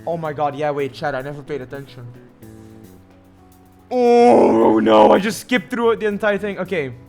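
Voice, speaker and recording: A man's voice: sits high, normal speed, gravelly, music in the background. A young man streaming a video game, rambling casually, cursing and mocking himself as he plays. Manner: rambling, profane, self-mocking. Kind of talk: casual gameplay commentary.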